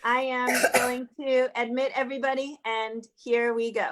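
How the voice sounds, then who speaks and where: A woman with a fairly high voice handles the opening of a livestream. She thanks viewers and tells them what comes next in a friendly, brisk, matter-of-fact way over a video-call mic. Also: little pitch movement. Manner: friendly, brisk housekeeping announcements. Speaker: organizer of a livestream singing program. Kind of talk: casual livestream announcement.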